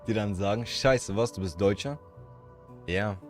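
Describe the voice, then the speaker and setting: A German man with a German accent and a low voice chats on a livestream in a rambling, frank and profane way. Soft music plays quietly in the background. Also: unhurried. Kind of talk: casual livestream chat with viewers.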